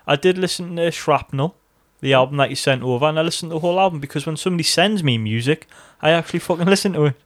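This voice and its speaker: A man's voice: a little high, fast, hardly any pauses. A man with a North East English accent, co-hosting a podcast in casual banter, swearing freely and joking around. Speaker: podcast co-host.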